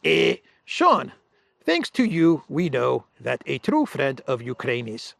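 A man's voice: mid-range voice, gravelly, dry recording. A man voicing a mock impression of a brash foreign president with a heavy put-on accent, cheeky and exaggerated.

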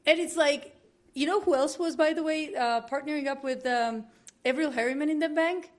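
A woman from Georgia telling stories in a lively, fast, heated casual conversation, laughing now and then. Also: high-pitched. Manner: animated, quick storytelling with laughs.

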